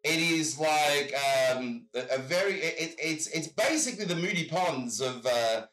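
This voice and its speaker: A man with an Australian accent tells rambling stories, over and over saying he has to tell you something. His voice is bright and a little high, and it rings in an echoey room. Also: lively intonation, moderate pace. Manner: rambling storyteller, repeats "I gotta tell you". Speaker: guest. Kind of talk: casual chat. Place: home in Michigan.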